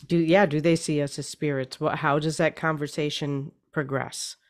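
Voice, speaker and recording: A woman author talking in a casual interview, hoarse and losing her voice, often clearing her throat and repeating words as she thinks. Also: low-pitched, steady tone, moderate pace. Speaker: author guest.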